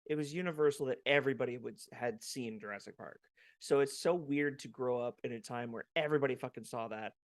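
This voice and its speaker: Man, 30s, casual podcast co-host, jokey and profane, mid-pitched, dry sound. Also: fast, no echo. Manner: joking, tangents, swears casually. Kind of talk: casual chat.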